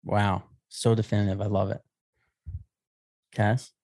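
A man's voice: lowish voice, flat delivery, a little slow, a little mellow. A man co-hosting a casual chat, asking playful, teasing questions.

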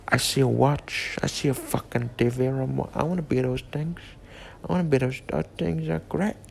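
A man's voice: mid-range voice, fairly even intonation, normal speed, vocal fry, a little hiss or hum. A drunk, stoned man rambling through a comedy monologue, slurred and swearing. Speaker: comedic vlogger.

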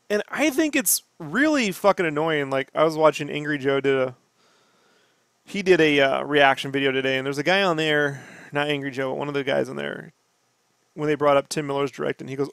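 A man riffs on a podcast in a slightly high voice, profane and worked up as he rants. The sound is close and dry, with no room around him. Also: brisk, gravelly, no room sound. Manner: profane, ranting, animated. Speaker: podcast host. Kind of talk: casual podcast chat.

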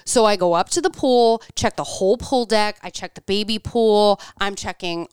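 A woman's voice: medium pitch, normal speed, smooth, no echo, clean studio sound. A woman in her thirties, a podcast co-host, telling a story in casual chat and acting out the dialogue with animation. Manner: animated, acts out quoted dialogue.

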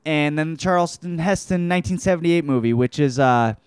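A man's voice: a little high, brisk, smooth, no echo, studio quality. A man hosting a podcast who gives a rambling, crude and profane book review. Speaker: podcast host.

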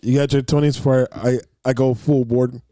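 A man's voice: mid-range voice, little pitch movement, normal speed, mellow, dry recording, studio quality. A man co-hosting a casual chat, cutting in with teasing, jokey remarks. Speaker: podcast co-host.

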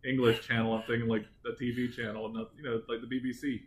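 A man's voice: medium pitch, level tone, fast talker, low-quality recording. A man co-hosting a casual true-crime podcast, joking and cursing as he talks. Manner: joking, crude, laughing often. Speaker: podcast co-host.

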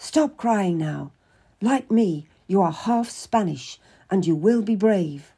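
A composed noble lady speaks in a measured, commanding way, as a woman reads her part. The voice is dark and mellow, with a gravelly, husky edge. It reads like a storybook character, steady and reassuring. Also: mid-range voice, exaggerated voice. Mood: firm. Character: calm, firm noblewoman giving steady counsel.

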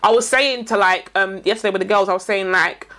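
A woman in casual chat, telling stories in an animated, mock-outraged way and laughing often. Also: mid-range voice, a little fast.

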